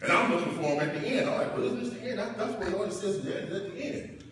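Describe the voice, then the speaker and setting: A middle-aged man delivers a commencement speech full of family stories, with the rising cadence of a preacher. His voice sits on the higher side, and it is picked up from a distance. The sound rings through a large echoing hall with a faint hiss underneath. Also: animated, quick pace. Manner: preacherly, swells loud and high when building up. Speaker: parent giving a graduation speech. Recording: echoey hall, distant mic.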